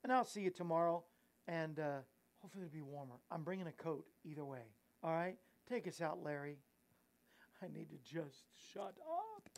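A man's voice: fairly high pitch, sing-song, normal speed, creaky. A man hosting a Christian talk show, rambling and giggling at himself, then preaching earnestly. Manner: rambling, giggly, self-mocking; preachy exhortation. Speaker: host and evangelist.

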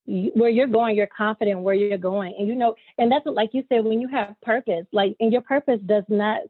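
A woman's voice: mid-range voice, fairly even intonation, fairly quick, slightly rough, dry recording. A woman in her thirties talking candidly in a casual chat as co-host, open about her feelings. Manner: candid, emotional, tearful at times. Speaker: podcast co-host. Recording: tinny phone-like sound.

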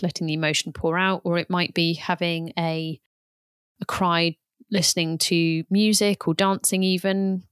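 A woman in her thirties speaks in a gentle, unhurried and candid way, like a yoga teacher sharing her own reflections. Her voice sits fairly low for a woman. The sound is close and dry, with almost no room in it. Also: no echo. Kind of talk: reflective personal talk.

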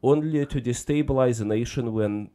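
A stern Soviet defector lectures in a heavy Russian accent, as a man puts him on. He speaks in clipped, grave phrases at a middling pitch. The manner is cold and matter-of-fact. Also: moderate pace, dark tone, close to an everyday voice. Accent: put-on Russian accent.

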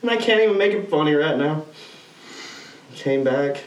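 A man spins loose, profane stories in casual chat, his voice a little high and swinging widely in pitch. He sits back from the mic in an echoey room, laughing often as he rambles. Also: expressive, moderate pace, far from the mic, highs cut off. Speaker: podcast co-host.

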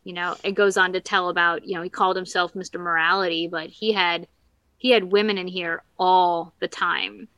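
A woman chatting casually as a podcast co-host, animated and acting out characters' lines. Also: lowish voice, moderate pace, smooth, no room sound. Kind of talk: casual chat recapping a TV episode.

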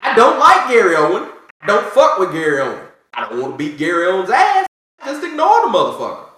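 Brief: excitable male podcast co-host, bright tense voice, profane rants, very echoey room. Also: high-pitched, a little fast. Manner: profane, animated ranting with mocking asides. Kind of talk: casual chat.

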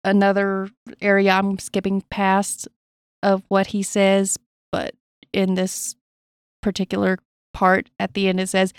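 A woman's voice: medium pitch, monotone, a little slow, clear, resonant tone, no echo. Woman, podcast co-host, grave reading voice, blunt asides, dry close sound. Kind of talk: true crime podcast reading and commentary.

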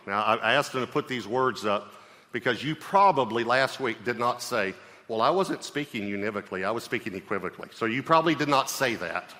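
A pastor delivering a sermon in an emphatic, conversational way, often checking in with the congregation through questions. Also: male voice, medium pitch, sharp tone. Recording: long reverb of a large hall.

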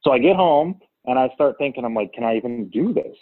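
A man's voice: mid-range voice, animated, fairly quick, dry recording. A man in his thirties from Cleveland, a business co-founder telling his story in a casual interview, chatty with lots of fillers, heard over a call line. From Cleveland, Ohio. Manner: chatty, filler-heavy, restarts often. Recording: tinny phone-call line.

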